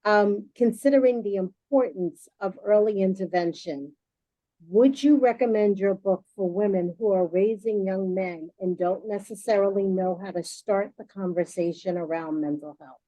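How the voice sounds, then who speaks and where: A woman moderating a panel discussion, brisk and apologetic about the running time. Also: medium pitch, dark tone, no room sound, rough recording.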